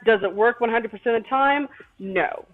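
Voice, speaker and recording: A woman's voice: fairly high pitch, moderate pace. Female cooking-stream host, casual and rambling, self-deprecating, tinny lo-fi audio. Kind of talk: casual chat while cooking. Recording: tinny phone-like stream audio with faint music.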